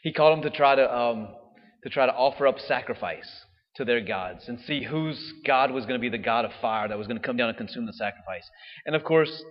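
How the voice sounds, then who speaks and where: Priest, folksy and conversational, mid-pitched man, reverberant and lo-fi sound. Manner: conversational, jokey preaching with laughs and fillers. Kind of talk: homily at weekday Mass. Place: church. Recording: dull reverberant church sound.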